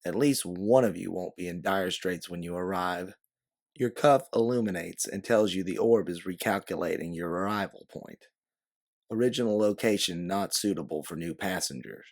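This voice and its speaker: A man narrating an audiobook in second person with a steady, descriptive delivery. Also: low voice.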